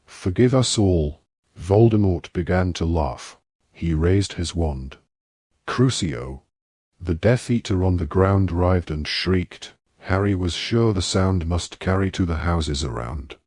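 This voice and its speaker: A man narrating a fantasy audiobook in a measured, dramatic storytelling manner. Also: sits low, a little mellow, breathy edge, no room sound, clean studio sound. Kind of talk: scripted narration.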